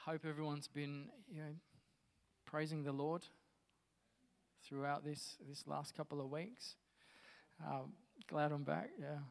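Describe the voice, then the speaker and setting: A man's voice: a little high, level tone, unhurried, vocal fry, pauses often, big-room sound. A man pastor giving a conversational, enthusiastic sermon to his church.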